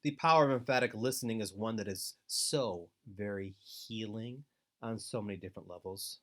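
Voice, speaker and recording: A man giving an instructional webinar talk to foster parents, earnest and deliberate, with steady advising emphasis. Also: fairly low pitch. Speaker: foster care trainer.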